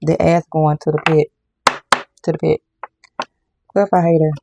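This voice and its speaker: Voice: medium pitch, little pitch movement, moderate pace, creaky, very noisy. A tarot reader giving a casual card reading to viewers, emphatic and repetitive, often calling the audience y'all.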